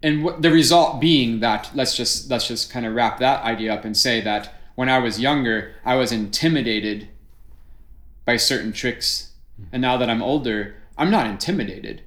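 A man's voice: medium pitch, normal speed, a bit bright. Reflective middle-aged man, roomy echo. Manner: reflective, explains ideas at length. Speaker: juggler. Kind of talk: casual conversation.

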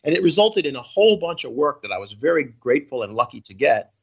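Husky-voiced chatty male entertainer. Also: on the high side, fast, lo-fi sound. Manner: chatty, animated anecdotal storytelling. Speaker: comedy juggler and cruise ship entertainer. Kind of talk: casual storytelling interview.

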